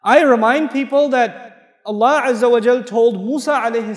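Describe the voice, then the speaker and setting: A man giving an animated sermon, asking the audience rhetorical questions and reciting Arabic verses. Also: very high voice, normal speed. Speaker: Islamic lecturer. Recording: echoey hall with long reverb.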